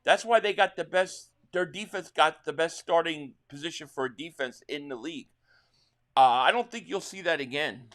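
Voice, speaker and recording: A man hosting a live sports reaction stream, calling plays excitedly and answering chat, his voice a little worn. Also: on the high side, normal speed. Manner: excitable play-by-play calling, reading viewer chat. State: slightly losing his voice.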